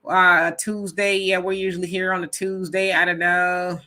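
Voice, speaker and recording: A woman hosts a casual live stream, reading viewer comments aloud one after another. Her voice is bright and forward, and her delivery is animated, with frequent laughter. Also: on the low side, normal speed. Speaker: host reading live chat.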